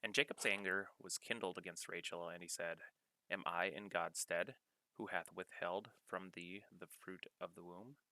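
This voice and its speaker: A man reading scripture aloud in a measured, deliberate way, pausing to cite study notes and references. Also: low voice, steady tone, pushed and bright, no echo. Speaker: scripture reader.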